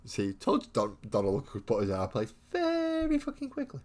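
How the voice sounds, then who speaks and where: A man's voice: medium pitch, huge pitch swings, normal speed, a little mellow. An English man chatting casually with his live-stream viewers while he paints miniatures, blunt and mocking, swearing constantly as he rambles. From England. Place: home hobby room.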